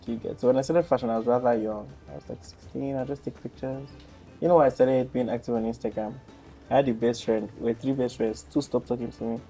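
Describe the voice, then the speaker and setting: A young man in his twenties with a Nigerian accent, a podcast guest telling stories in a chatty, animated way. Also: medium pitch, fast, soft background music. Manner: animated, chatty, laughs easily. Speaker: podcast guest, content creator. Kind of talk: casual storytelling interview.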